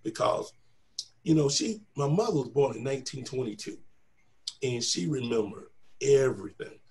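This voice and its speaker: A man's voice: mid-range voice, normal speed. A middle-aged man telling a personal testimony, animatedly acting out the voices of the people in his story. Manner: animated, acts out quoted voices.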